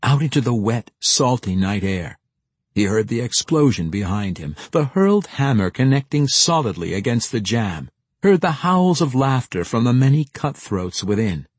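A man narrating a fantasy novel as an audiobook, in measured storytelling, lightly voicing the characters. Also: lowish voice, darkish tone, slightly rough, no echo.

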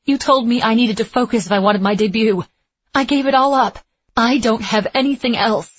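A woman voicing a proud, wounded young woman violinist, speaking in a raised, pleading and defiant way with a husky voice. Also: fairly high pitch, moderate pace, highs cut off, voice pushed up.

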